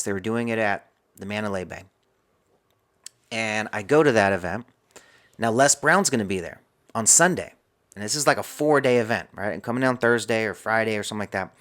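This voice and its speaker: A man's voice: lowish voice, a bit bright. A man as a podcast guest, telling a personal story and acting out his own inner dialogue.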